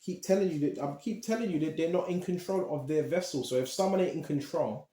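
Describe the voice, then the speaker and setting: This preacher's voice is on the high side, warm, and fairly quick, with reverb around it. He teaches from the Bible casually, reading verses in street slang and often asking "right?".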